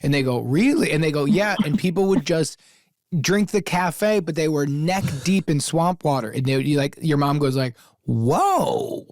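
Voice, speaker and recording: Animated podcast host, higher male voice. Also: normal speed, no room sound, studio quality. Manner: animated, acts out little scenes, laughs often. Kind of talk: casual comedic advice chat.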